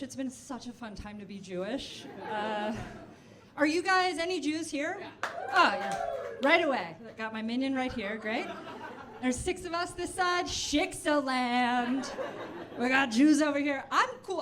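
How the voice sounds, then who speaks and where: A woman doing a stand-up comedy set in a club, chatting quickly with the crowd in quick asides. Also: sits high, lively intonation. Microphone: handheld stage mic. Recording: noisy live club recording.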